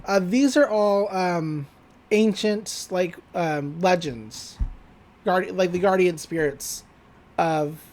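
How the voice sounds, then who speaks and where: A woman's voice: lowish voice, takes it slowly, a little mellow. A woman co-hosting a podcast, chatting casually and recapping an episode while briefly acting out the characters' lines. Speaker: podcast co-host.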